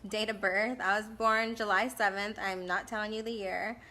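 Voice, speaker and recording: A woman's voice: medium pitch, fairly even intonation, moderate pace, sharp tone. A woman in her thirties from California, chatting bluntly and casually while answering viewer questions live, laughing often. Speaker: live-stream host doing Q&A.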